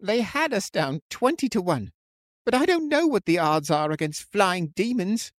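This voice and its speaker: A man's voice: sits high, big pitch swings, normal speed, no echo, studio quality, pitched above the performer's own voice. A man voicing a frightened young man whose voice cracks with distress as he pleads. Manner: panicked, pleading.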